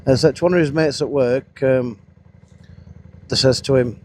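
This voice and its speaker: This man speaks at medium pitch in a steady, darkish tone, a little slowly and with frequent pauses. A Northern English motovlogger in his thirties, he chats casually, swears and spins rambling stories while riding a motorcycle outdoors. His helmet-mounted action camera mic also catches wind and engine noise.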